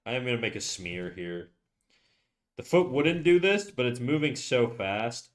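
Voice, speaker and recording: Male streamer, mid-pitched, casual rambling chat with viewers, mutters to himself while drawing. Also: big pitch swings, unhurried. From Canada. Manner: rambling, chats with viewers, drops to quiet muttering while working.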